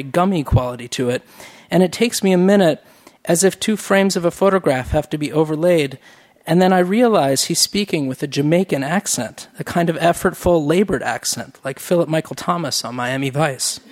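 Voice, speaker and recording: A man narrating a first-person novel in a measured, wry, reflective reading. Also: on the high side. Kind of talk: audiobook narration.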